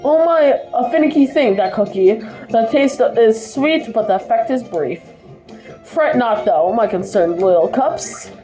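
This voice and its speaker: A woman voicing a theatrical male cartoon chef in a slow, put-on accent. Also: a little high, lively intonation, warm tone, echoey room, faint music behind, voice pushed up, poor audio. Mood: scheming.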